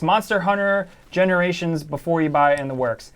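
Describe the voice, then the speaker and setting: Chatty man with a higher voice. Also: moderate pace, background noise. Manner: rambling and loose, full of fillers, reading out viewer messages. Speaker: co-host of a gaming news stream. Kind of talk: casual livestream chat.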